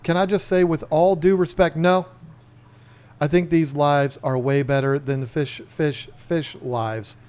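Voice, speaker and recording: A man's voice: a little high, measured pace, clean tone. A man from Northern Virginia hosting a podcast, chatting casually and laughing often. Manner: animated storyteller, laughs often, slips into voices. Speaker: podcast host. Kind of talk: casual livestream chat.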